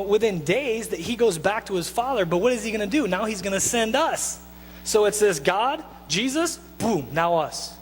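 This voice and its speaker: A male pastor with a high voice delivers a casual, animated sermon full of asides and quick restarts. His voice rings out through a reverberant church hall, with a faint mains hum underneath. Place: church sanctuary.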